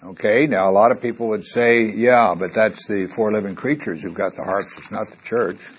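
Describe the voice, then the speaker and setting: A man's voice: lowish voice, steady tone, normal speed, a little hiss or hum. A middle-aged man from Missouri, a pastor teaching a Bible study, reading verses aloud with rising emphasis and asking the room questions. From Missouri, USA.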